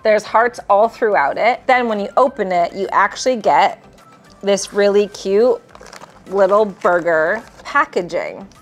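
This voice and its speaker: A woman's voice: medium pitch, measured pace, soft background music. A woman presenting gift products, bubbly and gushing over how cute and delicious everything is. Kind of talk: enthusiastic product showcase.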